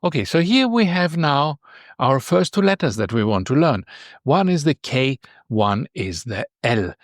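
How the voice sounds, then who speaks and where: Man, language teacher, patient step-by-step explaining, medium pitch, dry close sound. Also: sing-song, unhurried, dry recording. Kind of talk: beginner language lesson.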